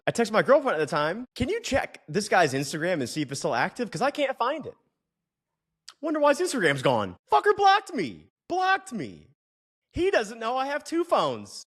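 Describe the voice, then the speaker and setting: Animated, joking young man telling a story. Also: high voice, breathy edge. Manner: animated, acts out the people he quotes; profane, joking. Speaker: podcast host and personal trainer. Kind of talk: casual storytelling monologue.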